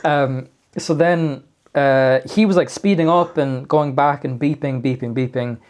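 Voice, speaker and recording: A man's voice: mid-range voice, measured pace, a little mellow, clear, resonant tone. A young man telling a rambling story on a podcast, full of fillers and laughter. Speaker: podcast co-host. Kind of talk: casual storytelling chat.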